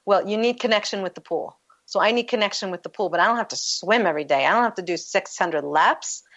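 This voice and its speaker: A woman's voice: medium pitch, quick pace, fairly bright tone. A woman coach as a guest on a talk show, explaining with easy metaphors and laughing often. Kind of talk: casual interview talk. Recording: lo-fi muffled line.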